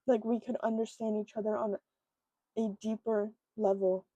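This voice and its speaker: A woman talking through a book in a casual vlog, emotional and halting, with many fillers, close to her own microphone. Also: mid-range voice, level tone, mellow, dry recording, dull audio. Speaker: book vlogger.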